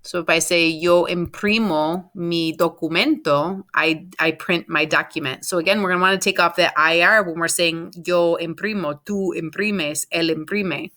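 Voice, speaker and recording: A woman's voice: lowish voice, steady tone, normal speed, hardly any pauses, sharp tone. A woman teacher giving a recorded Spanish class, patiently explaining verb endings step by step and spelling them out letter by letter.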